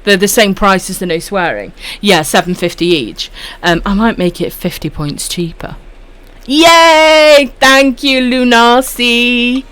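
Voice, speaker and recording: A woman's voice: on the low side, moderate pace. A woman with a Welsh accent chatting casually on a live stream while gaming, swearing freely and calling viewers love and sweetheart. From Wales.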